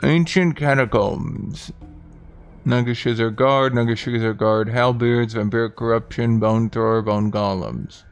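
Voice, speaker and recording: A man's voice: mid-range voice, unhurried, gravelly, clear, resonant tone. Sardonic man commenting on a game. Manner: offhand and sardonic, swears casually. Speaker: streamer. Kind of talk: casual gameplay commentary.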